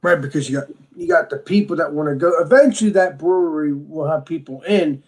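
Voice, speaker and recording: A man's voice: fairly high pitch, brisk. A man co-hosting a casual beer tasting chat, talking with enthusiasm and rambling restarts. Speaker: beer reviewer co-host.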